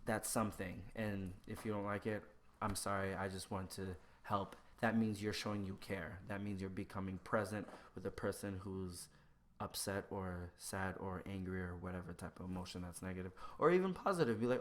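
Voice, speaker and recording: Low-voiced man chatting animatedly. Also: normal speed. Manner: animated, acts out both sides of conversations. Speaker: podcast guest. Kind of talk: casual chat.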